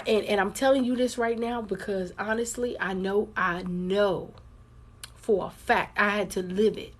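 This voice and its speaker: On a casual live stream, a woman with a medium-pitched voice reads cards for her viewers despite a sore throat and a cough she's holding back. She speaks bluntly, swears a great deal and repeats points for emphasis.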